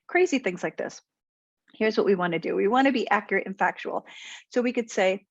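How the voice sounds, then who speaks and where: A woman's voice: mid-range voice, brisk, no room sound, muffled recording. Assertive, encouraging woman coach, dry sound. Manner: assertive, encouraging, plainly explaining with examples. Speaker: speaker and confidence coach. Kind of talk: direct-to-camera tip video.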